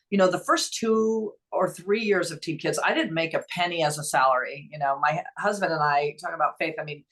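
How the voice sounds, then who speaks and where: A woman's voice: low-pitched, breathy edge. Earnest middle-aged woman telling her story. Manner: earnest, emotional, quotes others in lively voices. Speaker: nonprofit founder and guest. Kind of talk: conversational storytelling.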